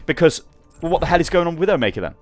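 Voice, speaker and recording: A man's voice: on the high side, big pitch swings, rapid-fire, faint music behind. A young man with a sarcastic, exasperated manner, ranting through gaming commentary and swearing freely.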